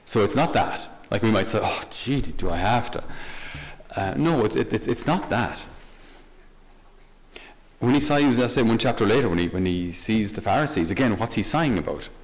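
A man's voice: fairly low pitch, normal speed. A man, a Catholic priest, giving a conversational homily with light humor and questions to the listener. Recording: long hall reverb.

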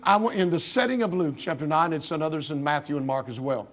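An American male pastor preaches in a church sanctuary. His voice sits high for a man, and he builds to emphatic bursts, stumbling and restarting as he presses his points. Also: fast, a bit bright. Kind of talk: sermon.

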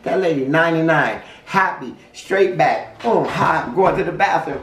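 Casting: fifty-year-old guy, positive pep-talk vlogger, slightly high voice, off-mic in an echoey room. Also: moderate pace, few pauses, noisy background. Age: 50s. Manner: upbeat, preachy pep talk with acted-out quotes. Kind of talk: casual vlog monologue. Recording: roomy, a bit distant, music behind.

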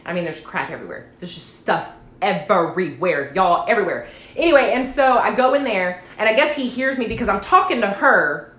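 A woman, chatting to livestream viewers and telling a story, with lots of animated asides. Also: mid-range voice, fairly quick. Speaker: network marketing livestream host. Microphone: phone or webcam livestream. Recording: echoey room.

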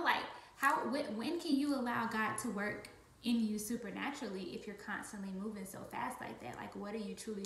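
A woman's voice: medium pitch, a bit bright, a little hiss or hum. Emphatic woman in an echoey room. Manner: emphatic, repeats phrases for stress. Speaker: team leader in business. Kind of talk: casual faith-based vlog talk.

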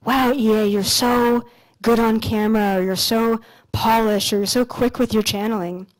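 A young woman from Canada giving a motivational talk on a conference stage, telling stories in a casual, animated way with some swearing. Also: fairly high pitch, normal speed, rough recording. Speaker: conference speaker. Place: lecture stage at an expo.

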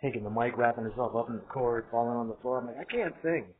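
A man's voice: medium pitch, little pitch movement, rapid-fire. A man rambling in a profane monologue, laughing often and trailing off mid-thought. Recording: tinny phone-like audio, faint hiss.

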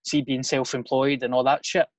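A man's voice: medium pitch, level tone, moderate pace. A Scottish man hosting a casual podcast chat, teasing his guest with jokey banter and swearing.

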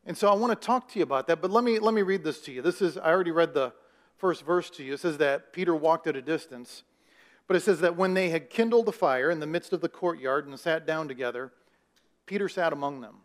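A man's voice: on the high side, quick pace. A male pastor preaching a sermon in a conversational way, raising his voice for emphasis and putting questions to the congregation.

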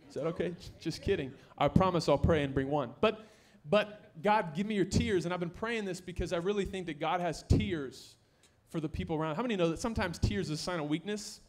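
Young pastor, higher male voice, energetic sermon with jokes, loud on the emphasis, church stage mic. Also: fairly quick. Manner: energetic, joking, rising to near-shouts for emphasis. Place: church sanctuary.

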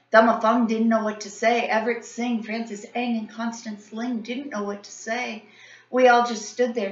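Female teacher, expressive children's read-aloud; echoey, slightly muffled recording. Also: medium pitch. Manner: expressive, animated storytelling. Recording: roomy, slightly dull sound.

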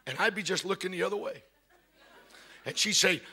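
Bright-voiced preacher swinging from shouts to whispers. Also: male voice, high voice, big pitch swings, husky. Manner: swings between loud shouts and hushed whispers; repeats himself in quick restarts. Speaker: pastor. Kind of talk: sermon. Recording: live from a church.

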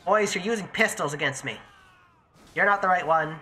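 Rambling through a live gameplay session, this young adult streamer swears freely and talks loosely to both chat and themselves. Their bright, forceful voice sits mid-range and moves at a moderate pace, with a little hiss or hum in the background.

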